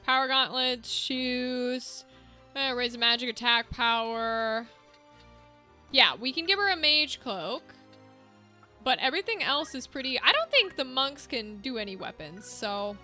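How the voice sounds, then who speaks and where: Bright, high-voiced woman chatting while gaming. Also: animated, measured pace. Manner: chatty, thinks aloud while managing equipment. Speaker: streamer playing a video game. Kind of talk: casual gameplay chat with viewers. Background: game music.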